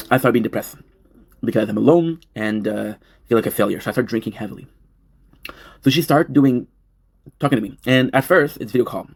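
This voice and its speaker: A man's voice: mid-range voice, husky. A man in his thirties on a livestream, telling a story at length, emotional and swearing, repeating himself. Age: 30s. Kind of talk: rambling confessional livestream talk.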